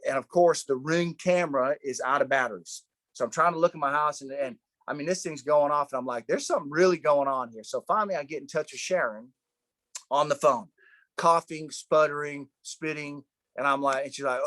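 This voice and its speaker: A man teaching a Bible study in a casual, animated way, often adding "right?" and "man" as he talks. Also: mid-range voice, no room sound. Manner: animated storyteller, tags lines with "right?" and "man".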